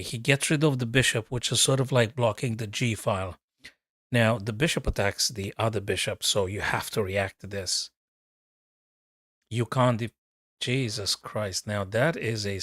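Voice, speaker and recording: A man's voice: medium pitch, no echo, clean studio sound. A man, a chess coach, giving casual live commentary on a game, chatty and thinking aloud as he talks to his viewers.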